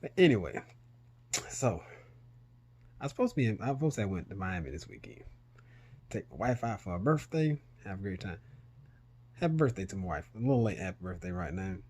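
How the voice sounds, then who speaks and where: A middle-aged man, telling a story casually to his vlog audience, animated and swearing freely. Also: fairly quick, pauses often, husky. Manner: animated, swears freely, rises in pitch when retelling panic. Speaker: vlogger.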